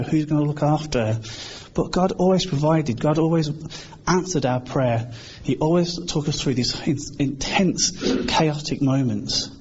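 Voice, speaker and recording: A man's voice: medium pitch, darkish tone. A British man giving an informal, earnest sermon in a conversational way, acting out quoted voices now and then. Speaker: preacher. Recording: slightly dull, faint background hiss.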